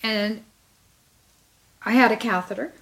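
A middle-aged woman recounting her own experience with lively storytelling, slipping into the voices of the people she quotes. Her voice sits a little high for a woman. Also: measured pace. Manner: animated storyteller, acting out quotes. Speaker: church member sharing testimony. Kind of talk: personal storytelling.

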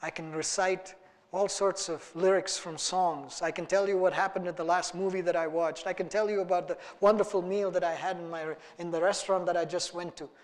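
A man's voice: high voice, fairly even intonation, fairly quick. A man preaching a sermon earnestly, acting out small dialogues and letting his voice rise and fall for emphasis. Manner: earnest, rising and falling for emphasis, acts out little dialogues. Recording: long hall reverb.

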